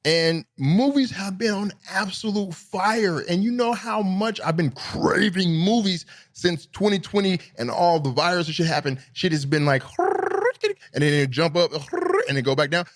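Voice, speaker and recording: A middle-aged man hosting a solo podcast, talking casually in a rambling, profane, animated way. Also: unhurried. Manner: animated, profane, rambling, swings between high and low pitch. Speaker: podcast host.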